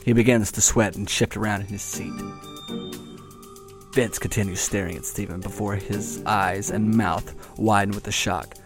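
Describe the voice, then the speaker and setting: A man's voice: fairly low pitch, fairly even intonation. Man narrating over guitar music. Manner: brisk, wry, profane asides. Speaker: narrator and host. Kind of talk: comedic script narration. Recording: guitar music bed under voice.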